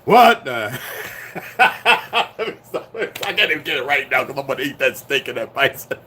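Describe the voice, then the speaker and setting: A man ranting to his viewers in a loose, profane monologue that swings between heated outbursts and low muttering. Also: very animated, unhurried, sharp tone, a little hiss or hum. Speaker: vlogger. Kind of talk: rambling solo rant.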